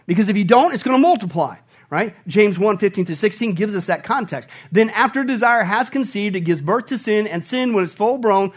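A man preaching a sermon as pastor, emphatic, asking rhetorical questions and breaking into sudden loud outbursts. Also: sits high.

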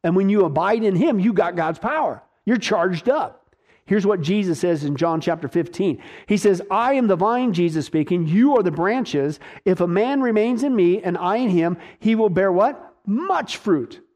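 A man with a high-pitched voice preaching a sermon. He speaks emphatically, keeps asking his listeners questions and answering them himself, and drives his points home in short, repeated phrases. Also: lively intonation, normal speed, darkish tone. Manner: repetitive, punchy short phrases. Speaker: pastor.

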